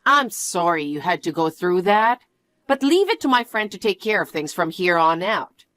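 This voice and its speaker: A woman playing a gentle, apologetic mother. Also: lowish voice, big pitch swings, moderate pace, no room sound. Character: caring middle-aged mother, calm and apologetic.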